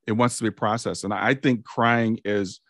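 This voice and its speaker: A man's voice: fairly low pitch, fairly even intonation, normal speed, fairly bright tone, dry recording, studio quality. A man hosting a podcast interview, speaking in an affirming, encouraging way. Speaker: podcast host. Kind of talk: interview conversation.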